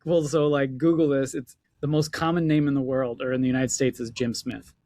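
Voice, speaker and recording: A man's voice: mid-range voice, a little fast, dry recording. A man co-hosting a casual podcast chat as an inventor coach, telling stories animatedly and acting out the lines he quotes. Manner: animated storyteller, acts out quoted dialogue.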